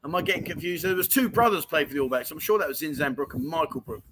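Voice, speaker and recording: A man's voice: fairly high pitch, animated, fast talker, background noise. A man hosting a casual livestream chat show, reading out viewer comments and rambling with easy laughter. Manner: chatty, rambling, laughs easily.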